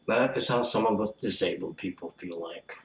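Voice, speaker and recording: A man's voice: lowish voice, normal speed, fairly bright tone, a little hiss or hum. A man rambling in a casual monologue, sardonic and crude, often mumbling his asides. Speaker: vlogger. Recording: roomy echo, faint background ambience.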